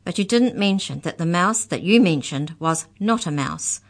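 A grim, cruel woman captor, voiced by a reader telling a storybook, cold and scolding. She lectures without hurry in a low voice. Every line lands with steady menace. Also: normal speed.

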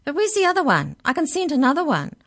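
A woman voicing a big, gruff male dog who leads a pack, with a boisterous, booming, drawn-out manner for a children's story. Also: huge pitch swings, a bit bright, full character voice.

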